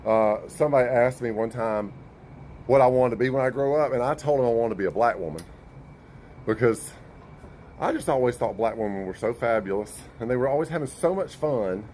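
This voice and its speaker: A man's voice: medium pitch, brisk, darkish tone, slight background noise. A man with a Southern US accent telling a playful, campy storytime to camera.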